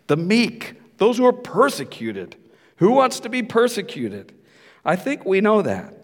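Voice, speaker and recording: A man's voice: high-pitched, big-room sound. A man pastor preaching a sermon in a conversational, reflective way. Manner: conversational, reflective, with frequent restarts.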